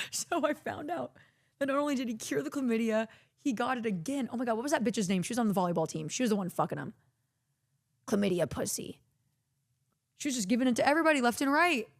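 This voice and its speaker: Animated young woman streamer telling stories. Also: fairly high pitch, fast. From Texas. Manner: animated, swears freely, acts out quotes in a raised voice. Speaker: streamer host. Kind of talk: casual storytelling chat.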